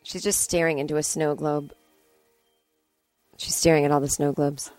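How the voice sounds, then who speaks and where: A woman's voice: deep voice, little pitch movement, normal speed, darkish tone, no echo, faint music behind. A woman giving casual, playful commentary on a movie at home, chatty and full of gushing exclamations. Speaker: vlogger. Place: family home indoors.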